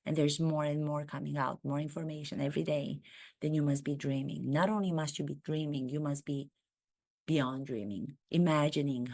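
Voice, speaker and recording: An indignant commentator talking over the news, hammering points home through repetition. The delivery is slow and deliberate. The sound is dry and close. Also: medium pitch, gravelly, darkish tone, no echo.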